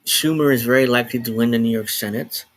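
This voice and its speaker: A man's voice: medium pitch, quick pace. Guy live streaming from home, rambly, keeps restarting, drops a swear here and there. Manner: rambling, self-interrupting, swears and laughs. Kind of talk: casual solo live stream. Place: home, in New Jersey.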